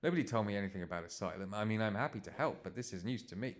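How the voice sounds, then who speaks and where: A man's voice: on the low side, lively intonation, very fast, lightly acted. A man voicing an eager young female starship reporter who talks in a chatty, slightly nervous way.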